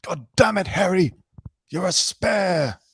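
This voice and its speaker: A man's voice: sits high, expressive, slow, fairly bright tone, husky, pitched above the performer's own voice, exaggerated voice. A man putting on a blustering, swearing old British king in a comic rant. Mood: irritable.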